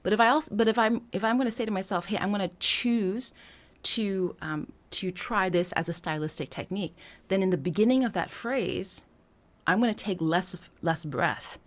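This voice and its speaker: A woman's medium voice moves at an unhurried, moderate pace while she teaches a singing lesson focused on breathing. Between explanations she demonstrates with short sung lines and laughs lightly.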